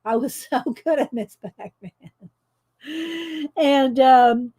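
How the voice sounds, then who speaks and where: A middle-aged woman with a fairly high voice tells stories in loud, casual chat while she colors. She laughs often and talks over herself, rambling warmly from one story to the next. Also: slow pace. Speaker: coloring video host.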